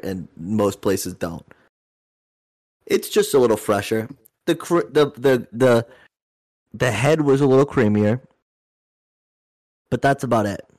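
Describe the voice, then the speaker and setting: A young man co-hosting a casual podcast chat, animated and swearing freely as he banters with friends. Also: fairly low pitch, no room sound, clean studio sound. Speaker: podcast co-host.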